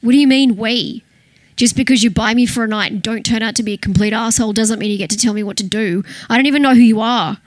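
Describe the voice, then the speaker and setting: A woman's voice: a little high, fast talker, no echo, natural voice. A woman voicing a frightened but defiant young woman in an audiobook. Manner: defiant, panicky.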